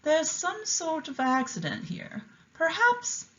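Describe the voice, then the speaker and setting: A high, airy storybook diva with a put-on English accent, all grand airs and self-importance, as a teacher reads her part. The sound is a little dull and lo-fi. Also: very animated, slow pace, exaggerated voice. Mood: haughty. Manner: fake English accent, haughty. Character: glamorous soap-opera star woman, putting on airs.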